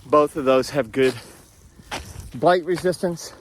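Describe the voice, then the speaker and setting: A chestnut farmer, a man, out of breath as he trudges through deep snow outdoors and explains his orchard in a plainspoken, casual way. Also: slow, a little hiss or hum. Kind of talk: casual walking vlog narration. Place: outdoors in a snowy hillside orchard.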